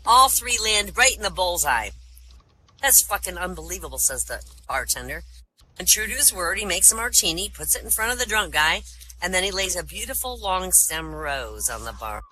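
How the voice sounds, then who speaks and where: A woman's voice: normal speed, slight background noise, rough recording. A woman telling jokes at a voice comedy show, acting out the characters with big jumps in her voice. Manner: animated, acts out characters with big pitch jumps. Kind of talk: live comedy joke-telling.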